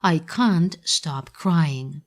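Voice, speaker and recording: A woman voicing a young male wooden puppet boy who is tearful and eager, speaking in a high, pleading way. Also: extremely slow, heavily acted.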